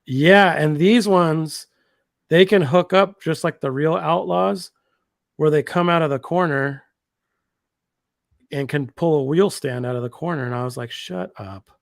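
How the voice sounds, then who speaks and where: A man's voice: fairly high pitch, a little slow, vocal fry, long pauses, no echo, studio quality. A man in his thirties co-hosting a casual livestream chat, enthusiastic and rambling, full of slang and fillers. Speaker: co-host.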